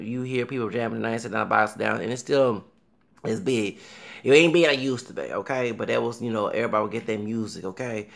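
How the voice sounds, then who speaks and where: Man, thirties, gravelly and bright, loose excitable solo commentary from a small room. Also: medium pitch. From Southern US. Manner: animated, breaks into singing and exclamations. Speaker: vlogger.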